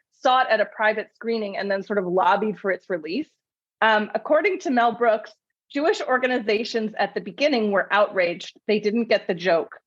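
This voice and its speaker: A woman's voice: a little high, dry recording, lo-fi sound. Woman host telling film trivia, dry sound. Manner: lively trivia storytelling with frequent laughs. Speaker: podcast host. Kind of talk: casual podcast chat.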